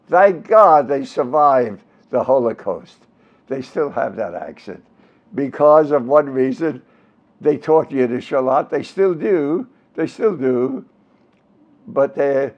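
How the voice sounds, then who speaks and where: In a muffled recording, a man in his nineties from Brooklyn, New York, speaks in a mid-range voice with a Brooklyn accent. He's a performer being interviewed casually, recounting old stage stories with animation and breaking into comic voices, impressions, and snatches of song.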